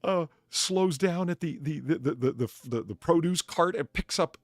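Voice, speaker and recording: A man's voice: on the high side, normal speed, no room sound, studio quality. A man hosting a casual chat, telling stories animatedly and laughing often. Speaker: streamer bartender host.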